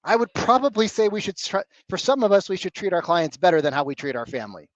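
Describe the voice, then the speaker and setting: Blunt, high-voiced male sales coach. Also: fast, dry recording, lo-fi sound. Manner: energetic, blunt and animated, swears casually. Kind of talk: live coaching session on a video call. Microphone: video call.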